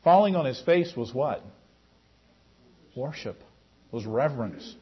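A man's voice: animated, unhurried, breathy edge. A man teaching a Bible class in a conversational way, calling on class members by name. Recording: muffled low-fidelity recording.

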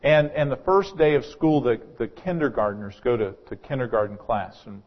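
A man's voice: medium pitch, normal speed, lo-fi sound. A male pastor preaching a sermon in a church, earnest, often repeating words as he starts a phrase.

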